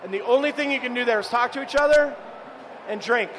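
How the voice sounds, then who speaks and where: A high-pitched man talks casually through a live cooking demonstration, telling stories and asking the audience questions. Faint noise from the event fills the background. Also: fast, a bit bright, low-quality recording. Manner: chatty, storytelling, addresses the audience. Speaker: chef giving a cooking demo. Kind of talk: live cooking demo with banter.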